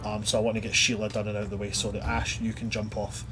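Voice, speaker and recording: A man's voice: fairly low pitch, monotone, quick pace, fairly bright tone, soft background music. A man narrating a tabletop game as game master, chatty and loose. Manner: chatty, loose, many fillers.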